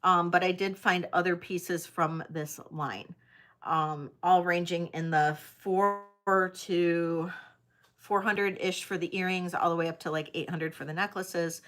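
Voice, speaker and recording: A woman hosting a live online sale, chatting casually as she auctions vintage jewelry, with frequent ums and pauses. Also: fairly low pitch, fairly even intonation, a bit bright. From United States.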